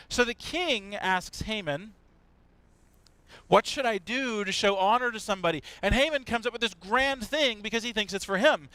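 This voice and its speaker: Pastor guy doing the kids' talk, high voice, animated, asks the kids questions, dry sound. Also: dry recording, low-quality recording. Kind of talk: children's sermon. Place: church.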